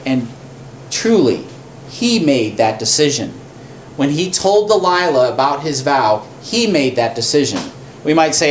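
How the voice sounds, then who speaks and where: A man preaching a sermon as a pastor, telling a story with animated, repetitive emphasis. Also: medium pitch, a little slow, slight background noise. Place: church.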